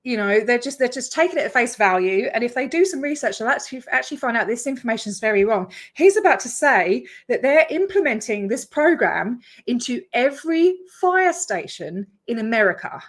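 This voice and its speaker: A woman's voice: on the high side, very animated, a little fast, few pauses. An Australian woman chatting on a casual reaction stream, blunt and swearing, laughing in disbelief. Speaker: streamer reacting to her own video.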